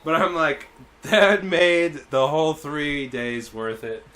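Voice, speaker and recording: A man chats casually over a game stream, spinning an anecdote and acting out the people in it. His voice sits a little high and swings widely. The tone is bright and forward. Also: slow. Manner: animated storyteller, acts out voices, laughs often. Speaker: streamer telling a story; teacher at a camp in Japan. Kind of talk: casual chat while gaming.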